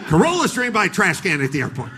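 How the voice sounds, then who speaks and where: A man's voice: high-pitched, huge pitch swings, very fast, noisy background. A middle-aged man doing a stand-up comedy set on stage, telling a story with acted-out voices. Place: live comedy stage with audience.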